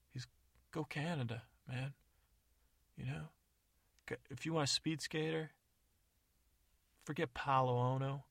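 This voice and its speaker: Gravelly rambling comic narrator, a man. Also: mid-range voice, no room sound. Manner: rambling, self-correcting, deadpan asides. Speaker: comedy podcast narrator. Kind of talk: improvised comic monologue.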